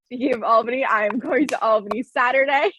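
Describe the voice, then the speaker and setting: A woman's voice: on the high side, fairly quick, a bit bright, a little hiss or hum, poor audio. A young woman co-hosting a podcast, chatting casually and giggling as she tells stories. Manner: laid-back, giggly storytelling. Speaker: podcast co-host. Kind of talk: casual chat.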